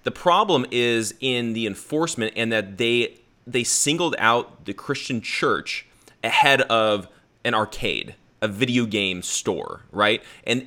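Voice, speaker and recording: A man co-hosting a news podcast, making his points in an earnest, halting way with frequent restarts. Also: mid-range voice, bright, forceful tone. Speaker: podcast co-host. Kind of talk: conversational news commentary.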